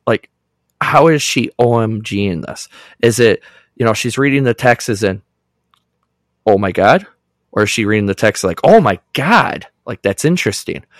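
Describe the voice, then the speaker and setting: A man's voice: mid-range voice, dry recording. A middle-aged man co-hosting a podcast, telling stories and acting out text messages in casual chat. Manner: storytelling, acts out text exchanges. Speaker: podcast co-host.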